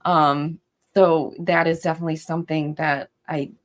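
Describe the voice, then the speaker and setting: A woman's voice: deep voice, little pitch movement, moderate pace. A young adult woman in casual podcast conversation, telling her story with animation and acting out quoted lines.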